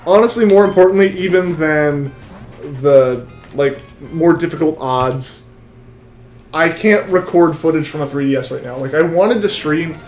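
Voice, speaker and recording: Young guy rambling to his stream chat, kinda high voice, faint music behind. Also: darkish tone, echoey room. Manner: rambling, chatty, full of restarts. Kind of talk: live-stream chat while shiny hunting.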